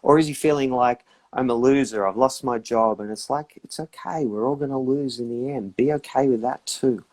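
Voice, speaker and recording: Reflective man giving calm advice. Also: medium pitch, moderate pace, hardly any pauses. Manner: reflective, acts out inner voices. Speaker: guest practitioner. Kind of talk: casual advice chat on a live stream.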